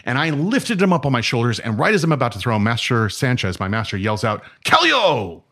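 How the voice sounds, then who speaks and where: Lively male guest storyteller, voice swings up and down, keeps checking in with "right?". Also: medium pitch, fast. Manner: animated, acts out dialogue, says "right?" often. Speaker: martial arts instructor and guest. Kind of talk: casual storytelling.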